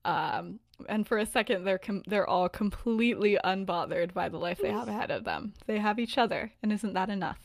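A woman's voice: mid-range voice, fairly quick, creaky, hardly any pauses, no room sound, studio quality. A woman hosting a podcast, telling a fan-fiction story in a loose, rambling way, full of "like" and "um" and frequent giggles. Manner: chatty, rambling, many "like" and "um" fillers, giggles often. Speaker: podcast host.

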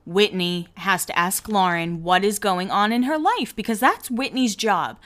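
A young woman hosts a casual recap chat. Her talk is chatty and loose, full of "like", with bits of quoted lines done in quick voices. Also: mid-range voice, expressive, fairly bright tone. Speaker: podcast host recapping a reality show.

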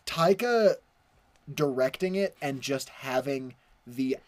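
A man's voice: mid-range voice, lively intonation, slow pace. A man co-hosting a podcast in casual chat, talking loosely with lots of fillers and jokes. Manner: loose, filler-heavy, jokey. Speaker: podcast co-host.

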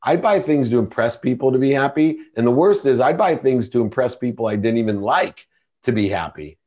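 A man's voice: medium pitch, lively intonation, fairly quick, a little mellow. A middle-aged man, a podcast guest, telling a personal story in an earnest, confessional way.

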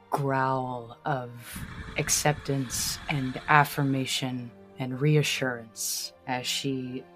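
Woman game master, low and unhurried, faint music bed. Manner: slow, descriptive second-person narration. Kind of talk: narrating a tabletop game.

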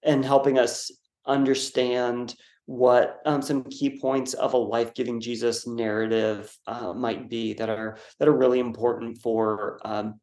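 A man's voice: mid-range voice, flat delivery, unhurried, darkish tone. A man who is a guest author and scholar, thoughtfully explaining ideas in an interview, with fillers and self-corrections. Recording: roomy echo.

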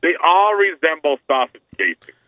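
A man's voice: fairly high pitch, sing-song, moderate pace, dry recording. A man, co-hosting a podcast in casual comedy banter, rambling and restarting his sentences. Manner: rambling, self-interrupting. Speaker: podcast co-host. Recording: tinny phone-line sound.

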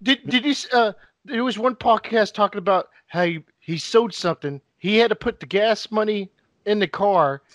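A man's voice: high voice, normal speed, no room sound. A man co-hosting a podcast in casual chat, telling stories and laughing often. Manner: laughs often, animated storytelling. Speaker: podcast co-host.

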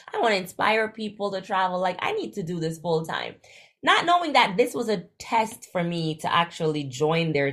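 A young woman from Jamaica, telling her story as an interview guest in a casual, animated way and acting out the dialogue she quotes. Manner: animated, acts out quoted dialogue with big jumps in pitch. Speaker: guest, travel influencer.

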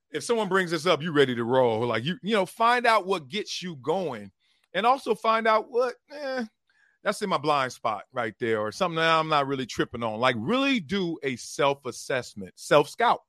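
Animated former football player, bright voice. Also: male voice, on the high side, dry recording, studio quality. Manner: animated, slangy, acts out quotes with shifting voices. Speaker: former pro football player turned sports broadcaster. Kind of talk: casual interview storytelling.

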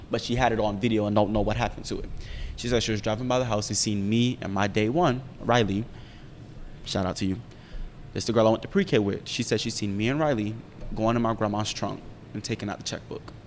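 A young man telling a long personal story in casual chat, profane and animated, often checking in with his listener. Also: lowish voice, long reverb tail, a little hiss or hum. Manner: profane, animated storytelling with frequent "you feel me". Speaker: podcast storyteller.

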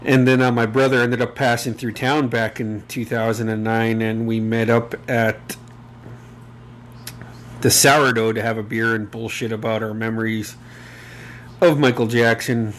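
A man's voice: mid-range voice, little pitch movement, measured pace, slight background noise. A man in his thirties hosting a casual solo podcast, rambling and emotional, swearing freely and using many fillers. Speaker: podcast host.

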